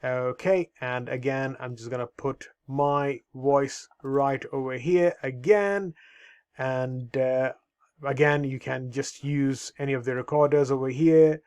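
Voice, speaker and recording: A man presenting a software walkthrough, talking in an unhurried way with many fillers. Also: mid-range voice, steady tone, clean tone. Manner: unhurried, many fillers, repeats "over here". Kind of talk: screen-recorded software walkthrough.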